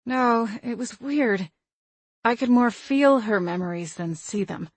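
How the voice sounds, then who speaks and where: A woman's voice: fairly high pitch, expressive, unhurried, slightly rough, dry recording, voice pushed up, full character voice. Woman voicing a wry, down-to-earth friend. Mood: puzzled. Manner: blunt, wry, down-to-earth talk. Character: frank, wry adult woman friend with psychic gifts.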